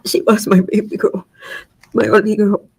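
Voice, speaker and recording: Grieving middle-aged mother, husky flat voice. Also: mid-range voice, low-quality recording. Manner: grieving, measured reading with small slips. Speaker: victim's mother giving impact statement. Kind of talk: reading a prepared statement in court.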